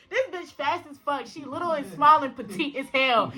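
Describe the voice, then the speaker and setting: Bright-voiced woman telling a profane story. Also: high voice, normal speed. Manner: profane, animated, exasperated. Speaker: indie rap artist telling a story. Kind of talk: casual storytime vlog.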